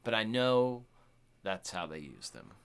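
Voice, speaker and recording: An animated man co-hosting a relaxed podcast chat. His pitch swings widely as he talks, and he breaks into voices for the people he quotes. He leans on "like" and "dude". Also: unhurried, creaky, clear, resonant tone. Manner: animated storyteller who acts out quoted voices; says "like" and "dude" a lot. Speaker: podcast co-host. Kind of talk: casual chat.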